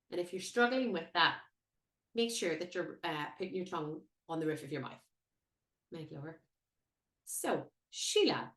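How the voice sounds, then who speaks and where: A woman teaching a language lesson, modelling each word slowly and carefully. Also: on the low side, fairly bright tone. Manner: careful, lilting, drawn-out modelling of words. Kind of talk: slow instructional lesson with repetition. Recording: echoey room.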